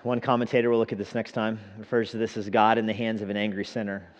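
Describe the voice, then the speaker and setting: A man's voice: fairly low pitch, flat delivery, fast talker. A man preaching a sermon in a church, breaking from dramatic readings into casual, joking asides. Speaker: pastor. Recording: echoey hall, dull sound.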